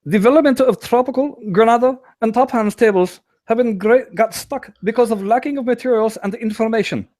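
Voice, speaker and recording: A man doing a mock German accent to voice a stiff male game developer who answers questions in broken, halting phrases. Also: very high voice, darkish tone, pitched above the performer's own voice. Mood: stiff, earnest. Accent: put-on German. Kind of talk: podcast comedy bit.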